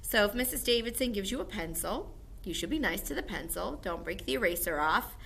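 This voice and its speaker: Lively, bright-voiced woman music teacher. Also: mid-range voice, fairly quick, vocal fry, slight background noise. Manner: upbeat, encouraging, explains simply to young children. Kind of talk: recorded video lesson for first graders.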